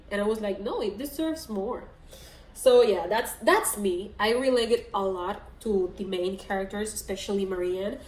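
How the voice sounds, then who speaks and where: A woman book vlogger in casual chat, talking about books she loves, chatty and emotional, filling her talk with "like" and "so yeah". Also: medium pitch. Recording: echoey room with faint background hiss.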